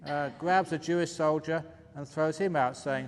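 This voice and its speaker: A man's voice: fairly high pitch, fairly even intonation, moderate pace. A man, a meditation teacher, telling jokes in a playful way during a retreat question-and-answer session and chuckling at his own jokes. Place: retreat hall. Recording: faint hall reverb, light room noise.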